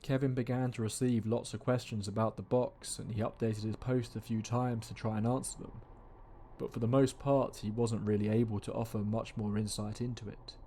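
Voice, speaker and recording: A man giving a scripted horror story narration, measured and slowing down for suspense, with faint music behind him. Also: on the low side, little pitch movement, mellow, slight background noise.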